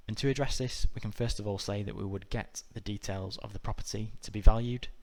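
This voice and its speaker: Speaking in a fairly low pitch, a UK tutor works through a scripted exam-prep lesson with calm, steady, methodical delivery.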